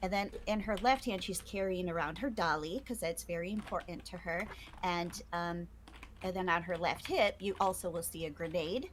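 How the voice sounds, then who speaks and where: A woman's voice: fairly low pitch, normal speed, a little hiss or hum. A woman player describing her tabletop character in casual chat, hesitant and trailing off.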